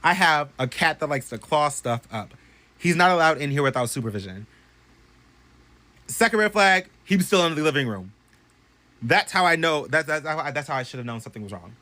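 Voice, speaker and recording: A young man casually telling a story to his phone camera at home, animated and profane, swinging from loud bursts to hushed asides. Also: a little high, fairly quick. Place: bedroom at home.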